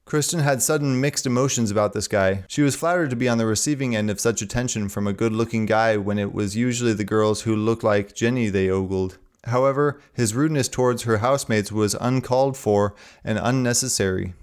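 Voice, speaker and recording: A man reading a novel aloud in a steady, even narration. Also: on the low side, a little fast, few pauses, clear, resonant tone.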